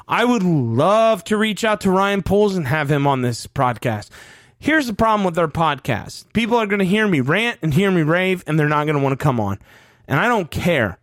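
A man's voice: high-pitched, sing-song, normal speed, fairly bright tone, dry recording, clean studio sound. A man in his thirties ranting on a fan sports podcast, profane and heated. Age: 30s. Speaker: podcast co-host.

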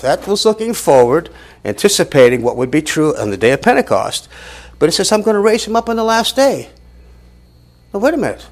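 A man's voice: a little high, very animated, brisk. A man teaching a sermon, reading scripture aloud with rising emphasis and asking rhetorical questions. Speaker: Bible teacher.

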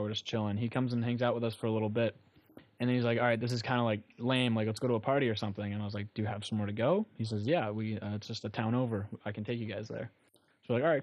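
A young man hosting a casual podcast, rambling through a story with lots of fillers. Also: lowish voice. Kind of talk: casual chat.

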